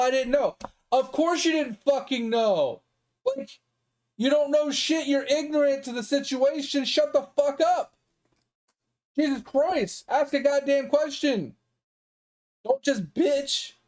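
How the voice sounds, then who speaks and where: A man's voice: extremely high pitch, darkish tone. A young man streaming a game, ranting in a heated, profane, exasperated way. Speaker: gaming streamer. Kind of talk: casual ranting commentary.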